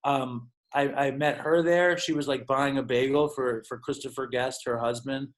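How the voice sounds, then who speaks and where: A man's voice: mid-range voice, steady tone, normal speed. A man telling stories as a podcast guest, rambling and profane and full of "like". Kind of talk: casual storytelling.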